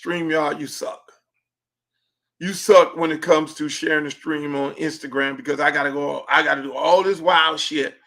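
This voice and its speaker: Joking and swearing on his casual livestream podcast, a middle-aged Miami-accented host alternates between booming and hushed delivery, with vocal fry in his voice.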